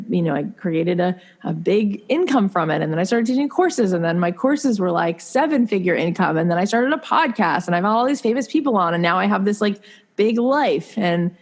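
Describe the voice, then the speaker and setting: Earnest woman sharing personal struggles. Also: fairly low pitch. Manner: earnest, confiding, with many likes and restarts. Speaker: podcast guest. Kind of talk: candid conversational storytelling.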